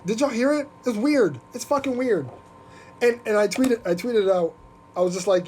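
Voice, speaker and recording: A podcast host ranting on a live stream in an animated, profane, mocking way. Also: male voice, very high-pitched, moderate pace, slight background noise. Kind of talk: casual live-stream rant.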